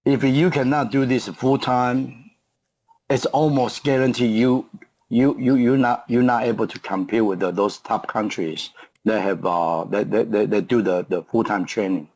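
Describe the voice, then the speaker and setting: Halting man in his fifties, English. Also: medium pitch, fairly even intonation, a little mellow. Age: 50s. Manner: halting, searches for English words with many fillers and restarts. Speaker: guest, martial arts coach. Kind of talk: podcast interview.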